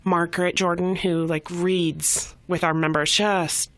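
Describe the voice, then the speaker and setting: A woman guest on a podcast, telling a story in a casual, animated way and acting out quoted voices, with many fillers and restarts. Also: lowish voice, unhurried, slight background noise. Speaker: program volunteer guest.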